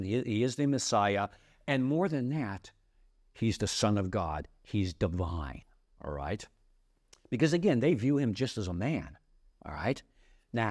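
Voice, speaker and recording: A man's voice: mid-range voice, a little mellow. A man teaching a Bible study podcast, telling the story with emphatic drama and checking in often with "okay?" and "right?". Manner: peppers explanations with checking tags like "okay?" and "right?".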